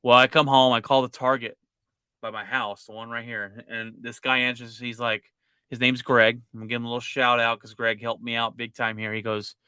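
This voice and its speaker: Podcast co-host, male, very bright and smooth voice, dry close sound, animated storyteller. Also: mid-range voice, fairly quick, no room sound. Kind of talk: casual chat.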